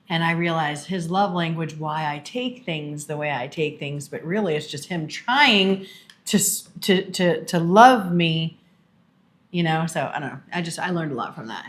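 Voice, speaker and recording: A woman co-hosting a casual podcast with her husband, telling stories in an earnest, emphatic way. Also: low voice. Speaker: podcast co-host. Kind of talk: casual conversation.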